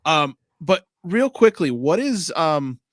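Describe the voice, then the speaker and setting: Halting male co-host, dry sound. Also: on the high side, big pitch swings, no room sound. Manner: halting, with many "uh" and "um". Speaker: podcast co-host. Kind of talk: casual podcast interview.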